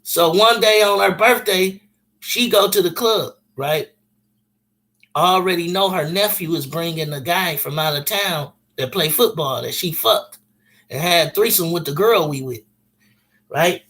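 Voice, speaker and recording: A man's voice: high voice, a little slow, sharp tone. A man telling a personal story casually, in blunt, profane street slang.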